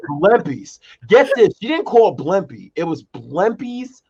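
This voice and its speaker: An animated man co-hosting a casual podcast, telling stories and acting out quotes by jumping into a high voice. The recording sounds dull and lo-fi. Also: a little slow, vocal fry, hardly any pauses, husky. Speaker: co-host.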